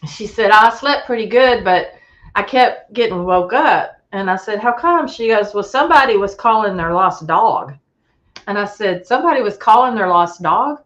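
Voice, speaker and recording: Animated woman telling a campfire story. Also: mid-range voice, moderate pace, highs cut off. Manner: animated storyteller, acts out voices, chuckles often. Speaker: guest telling an encounter story. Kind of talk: casual storytelling on a call-in show.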